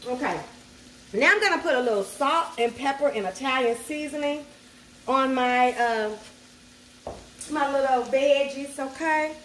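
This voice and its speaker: A cooking channel host cooks at the stove in her home kitchen, running a casual tutorial full of playful chatter and sassy asides, even talking to the food. Her fairly high voice is expressive and measured, with long pauses. Food sizzles in a skillet, and there's a little hiss or hum.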